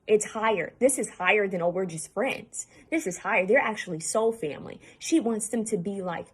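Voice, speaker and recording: Husky-voiced woman channeling a spirit. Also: mid-range voice. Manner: halting, repetitive, earnest, addresses viewers directly. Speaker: spiritual medium. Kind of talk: channeled spirit reading to camera.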